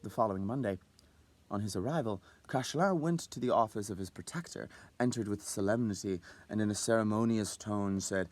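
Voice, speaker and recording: A man reading a classic short story aloud as narrator, in an expressive manner. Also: lowish voice, brisk.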